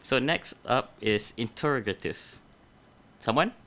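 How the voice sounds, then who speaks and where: A man's voice: medium pitch, expressive, unhurried, fairly bright tone. A young adult man teaching a grammar lesson, explaining methodically step by step and correcting himself along the way.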